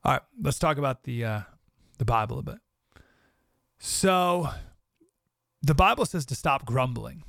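A man's voice: mid-range voice, animated, a little slow, gravelly, long pauses, fairly bright tone, no echo, studio quality. A man hosting a podcast, talking reflectively to his listeners and reading out scripture in a conversational way. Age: adult with a young child. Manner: conversational, quotes scripture, talks to listeners directly. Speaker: podcast host.

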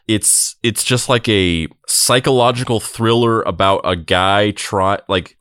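A man's voice: sits low, dry recording, clean studio sound. A man as a podcast guest in casual chat, rambling with many "like"s and some swearing. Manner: rambling, heavy use of like, swearing.

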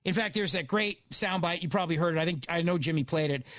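A man's voice: on the high side, fast talker, fairly bright tone, no echo. A man guest-hosting a talk radio show, giving a sarcastic, digressive opinion monologue into a studio mic.

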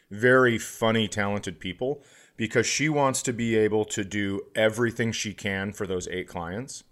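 A comedian co-hosting a podcast, telling a story in casual chat with many restarts and sudden bursts of excitement. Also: male voice, fairly low pitch.

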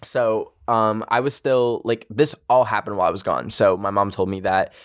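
Chatty young man, low dry voice. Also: little pitch movement, moderate pace, clean tone, no room sound. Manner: chatty, filler-heavy with frequent "like", emotional. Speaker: podcast host. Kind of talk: casual storytelling monologue.

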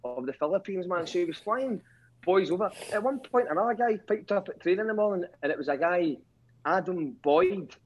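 Fairly quick and lively in intonation, this high-voiced Scottish man with a Glaswegian accent phones in to tell a casual tale. He mocks himself wryly and swears a fair amount, and the call line is dull and lo-fi.

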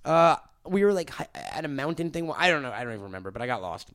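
A man's voice: fairly high pitch, sing-song, quick pace, a crowd in the background. A man from the New York area chatting casually and jokingly on a podcast, rambling through his stories. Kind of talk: casual chat.

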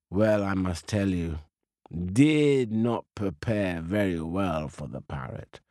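Male storyteller, children's tale, slow, very lively pitch, expressive, close dry mic. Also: no echo. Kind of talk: storybook narration.

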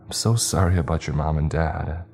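A man voicing a sympathetic middle-aged woman who speaks softly and gently. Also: a bass voice, moderate pace, faint music behind. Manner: soft, gentle.

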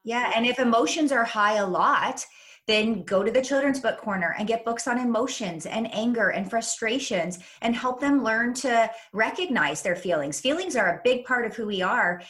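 A woman parenting coach, a younger adult, giving advice in a chat and explaining things clearly step by step. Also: fairly high pitch, lively intonation, moderate pace, a bit bright.

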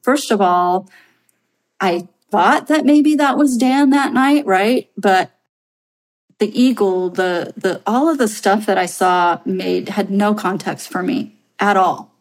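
Woman, late thirties, podcast guest, earnest, rambling, fillers and restarts, medium pitch. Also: slow, low-quality recording. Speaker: podcast guest telling her story. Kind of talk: personal storytelling.

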